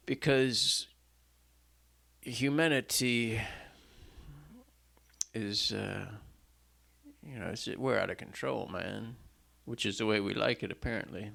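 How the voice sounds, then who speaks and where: A man who writes and sings his own songs talks slowly between numbers at a front-facing stand mic in a small home stage setup. His lowish, fairly bright voice carries vocal fry and long pauses as he rambles, knocks himself, and fills the gaps with fillers and restarts.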